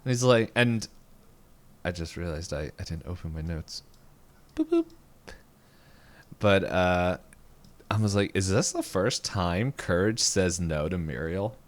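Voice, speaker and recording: A man co-hosting a podcast, casually retelling a cartoon episode in a rambling way and acting out quick lines. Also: deep voice. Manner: rambling, animated retelling with quick voiced quotes. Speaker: podcast co-host. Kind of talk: casual recap chat.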